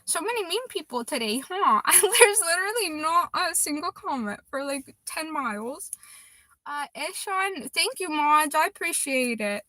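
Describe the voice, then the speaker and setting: A woman's voice: sits high, lively intonation, a little slow, bright, forceful tone, no room sound. A woman in her twenties chatting casually on a livestream, reading viewer comments aloud and laughing often. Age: 20s.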